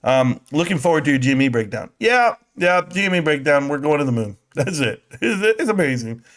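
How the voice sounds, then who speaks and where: A man's voice: on the high side, big pitch swings, fairly quick. A middle-aged man hosting a casual live stream, brash and joking as he trash-talks, out of breath.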